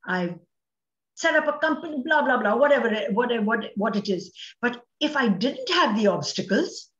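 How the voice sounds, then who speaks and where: An Indian English woman delivers a motivational talk as a guest speaker, with a high, ringing voice. She speaks with dramatic emphasis and slips Hindi phrases into her English. The audio is roomy and echoey, with a muffled, lo-fi quality. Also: sing-song, normal speed, fairly bright tone.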